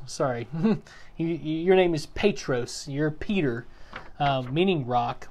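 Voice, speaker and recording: A man teaching a Bible class in a relaxed, explanatory way, with plenty of fillers and restarts. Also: on the high side, takes it slowly, a little hiss or hum. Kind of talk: casual teaching talk. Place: church classroom.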